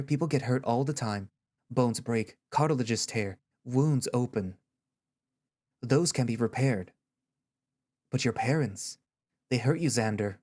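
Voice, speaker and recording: A man voicing a gentle, patient therapist. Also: mid-range voice, close to an everyday voice. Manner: soft, reassuring, patient. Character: gentle, caring male therapist. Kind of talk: audio story reading.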